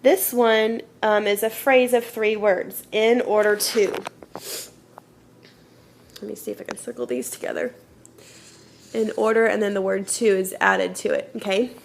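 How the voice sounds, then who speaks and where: Her medium-pitched voice is gravelly and steady, measured in pace with frequent pauses, and a little hiss or hum is audible. An elementary school teacher, she patiently leads children through grammar step by step, often saying "okay?".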